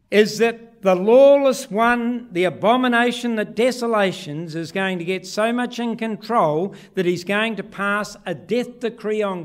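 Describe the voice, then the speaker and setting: High-voiced man preaching a lively sermon. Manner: storytelling, acting out voices with big swings in pitch and loudness. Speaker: pastor. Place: church.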